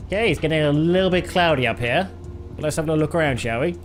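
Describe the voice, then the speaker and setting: This flight sim streamer, a young Briton, rambles and laughs with his live chat while piloting a simulator. His voice sits a little high and moves at a quick pace, with soft music in the background.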